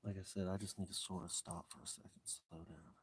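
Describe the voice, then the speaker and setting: A man's voice: deep voice, brisk, slight background noise. A man chatting casually on a live stream from inside his truck at night, a little out of breath and sometimes dropping to a whisper. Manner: rambling, relaxed, drops to a whisper at times. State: a bit out of breath. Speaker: vlogger.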